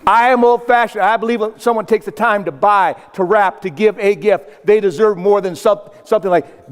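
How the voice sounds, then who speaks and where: An older man from South Dakota delivers a humorous keynote to a crowd, telling stories in a fairly high voice and throwing in acted-out quotes and punchy asides. The sound carries a long reverb from a big hall. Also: moderate pace, few pauses, clear, resonant tone. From South Dakota, United States. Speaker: motivational speaker. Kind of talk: humorous keynote speech to a live audience.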